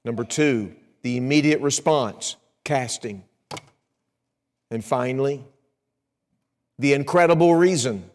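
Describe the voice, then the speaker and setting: Dramatic preacher in a reverberant church. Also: male voice, mid-range voice, slow pace, pauses often. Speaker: evangelist. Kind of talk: sermon. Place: church sanctuary. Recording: long hall reverb in a church.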